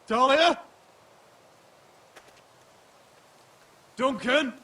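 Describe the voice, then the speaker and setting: An actor playing an earnest, wary young lord speaking formally, in a video game. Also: male voice, mid-range voice, expressive, a little slow, close to an everyday voice. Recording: reverberant mix over game music.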